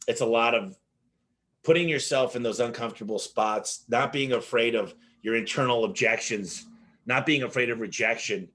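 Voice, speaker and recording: A man talking as a guest in a relaxed interview, his voice at an ordinary middle pitch. He tells stories with energy, slipping into the voices of the people in them, and restarts his sentences often as he goes. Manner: animated, acts out dialogue in anecdotes, frequent restarts. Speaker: business owner guest. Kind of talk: casual interview storytelling.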